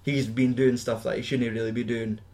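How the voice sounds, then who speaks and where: A man's voice: medium pitch, little pitch movement, brisk, mellow. A young man co-hosting a podcast, chatting casually about a film in a rambling, sweary way. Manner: rambling, sweary, laughs often. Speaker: podcast co-host.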